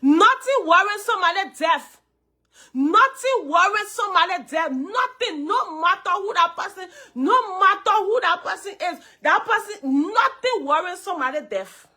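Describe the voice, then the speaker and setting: With an expressive, moderately paced delivery, a Liberian woman runs a live stream in Liberian English, her high, bright voice roughened by a cold. She greets viewers by name, speaks to them directly, and keeps repeating her points for emphasis.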